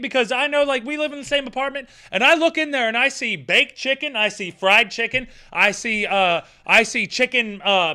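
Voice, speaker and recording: A man's voice: high-pitched, sharp tone. A young man streaming live, reading out chat comments and ranting with plenty of swearing.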